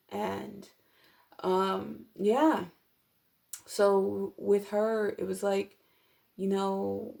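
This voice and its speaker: Rambling woman with a gravelly voice. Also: mid-range voice, mellow. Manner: rambling, filler-heavy, apologetic asides. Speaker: tarot reader. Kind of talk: casual tarot reading vlog.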